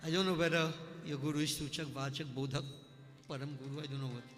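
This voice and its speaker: A man's voice: fairly high pitch, steady tone, fast, long reverb tail, music in the background. A man preaching a sermon, telling folksy stories with jokes. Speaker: religious leader.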